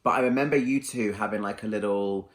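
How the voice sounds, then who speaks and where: A man's voice: on the low side, a little fast. A man in his thirties hosting a casual chat, teasing and reminiscing with his guest. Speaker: host.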